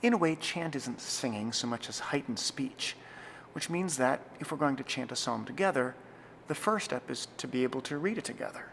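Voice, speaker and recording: A young man, a church music director, giving an earnest, scripted tutorial, sometimes slowing to a careful, deliberate reading pace. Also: medium pitch, expressive, vocal fry, fairly bright tone, a little hiss or hum. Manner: measured, earnest, reads slowly and deliberately in demonstrations. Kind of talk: scripted instructional talk.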